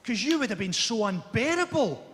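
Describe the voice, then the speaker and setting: Scottish man telling dark jokes on stage. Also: extremely high pitch, big pitch swings, moderate pace, very noisy. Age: 40s. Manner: dry, dark one-liners with sharp punchlines. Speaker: stand-up comedian. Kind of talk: stand-up routine before a live audience. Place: large theatre stage. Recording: echoey theatre stage with roaring crowd.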